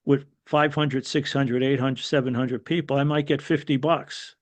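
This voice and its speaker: Speaking at a medium pitch and moderate pace, a former wrestling referee from New York, now older, tells casual stories as a podcast guest. His rambling delivery is full of fillers and restarts, and he voices quotes with animation.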